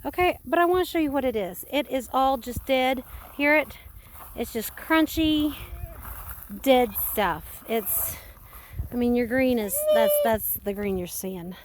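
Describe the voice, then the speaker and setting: A woman with a fairly high voice talks her way around a homestead, chatty and rambling but matter-of-fact. She records outdoors on a handheld phone while giving a casual walking tour of her land and animals. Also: expressive, unhurried, slight background noise. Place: outdoors on a farm among animals.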